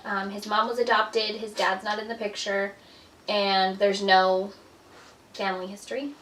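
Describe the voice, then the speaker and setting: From indoors at home, a young adult vlogger offers a chatty pregnancy update, slightly breathless and leaning on fillers such as "like" and "um." Her voice is on the high side, bright and forceful. The mic is placed at a distance, so the room echoes.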